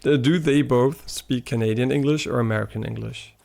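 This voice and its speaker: A man streams a game live, chatting casually and talkatively with viewers in a rambling manner and swearing now and then. His voice is medium-pitched and a little mellow, with vocal fry, at a normal speed.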